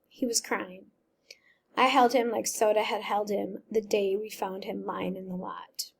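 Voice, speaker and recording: A woman's voice: medium pitch, little pitch movement, measured pace, vocal fry, slightly rough. A woman teacher reading a novel aloud and patiently sounding out words step by step.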